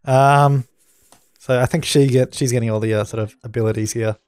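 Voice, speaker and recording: A man's voice: mid-range voice, steady tone, moderate pace, darkish tone, clean tone, no echo. A young man doing let's play commentary, bossy and exasperated as he scolds the characters on screen. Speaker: gaming channel host.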